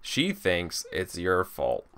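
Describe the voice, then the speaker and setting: A man running a tabletop game as game master, rambling and full of filler words. His voice is bright and smooth. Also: low-pitched, wildly swooping pitch, slow.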